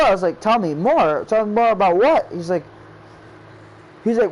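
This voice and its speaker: A man's voice: high-pitched, normal speed, darkish tone, low-quality recording. A man casually telling a rambling story about making his game, quoting his friends' reactions over and over. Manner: rambling, repeats "I was like" and quotes friends. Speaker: game creator.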